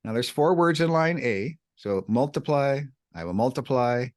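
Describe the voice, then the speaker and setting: A man co-hosting a podcast, teaching the Bible in an animated way, swinging his pitch up and down to stress words. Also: normal speed. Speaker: podcast co-host.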